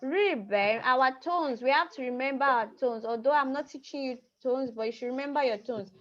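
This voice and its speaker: Over muffled video call audio, a language teacher patiently goes over words again and again and prompts her students. She has a high-pitched voice and a moderate pace.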